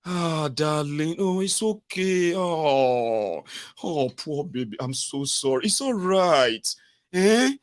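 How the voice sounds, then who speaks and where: A man's voice: a little high, sing-song, takes it slowly. A man putting on a cooing, mocking Nigerian wife. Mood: teasing. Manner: cooing, mock-sympathetic, teasing. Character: mocking wife comforting her crying husband.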